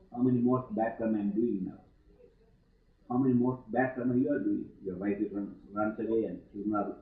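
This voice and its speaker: A middle-aged man giving a spiritual talk to students, halting and full of fillers, with sudden emphatic stresses. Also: fairly low pitch. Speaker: yoga teacher giving a talk. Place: ashram hall. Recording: old archive tape, echoey hall, tinny thin sound.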